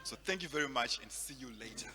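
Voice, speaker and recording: A man from Zimbabwe doing stand-up comedy, animated, repeating words and laughing at his own jokes. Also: mid-range voice, fast, long reverb tail, heavy background noise.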